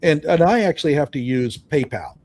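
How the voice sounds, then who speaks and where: Guy hosting a live stream from home, mellow voice, kinda rambly, on a video call. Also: fairly high pitch, brisk. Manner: rambling, many fillers and restarts, relaxed. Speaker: host. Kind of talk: casual chat on a live stream. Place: home in Oklahoma.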